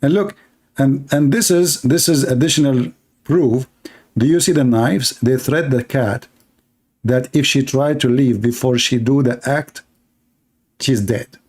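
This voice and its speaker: A man at a mid pitch runs a live-stream reaction. His commentary is sarcastic and mocking. He rambles in loose, broken English. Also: unhurried, darkish tone.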